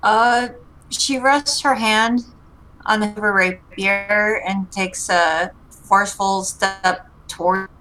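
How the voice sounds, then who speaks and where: A woman playing a tabletop role-playing game. She states her character's moves quickly and concisely, in a mid-range voice. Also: medium pitch, fairly even intonation, sharp tone, poor audio. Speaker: player.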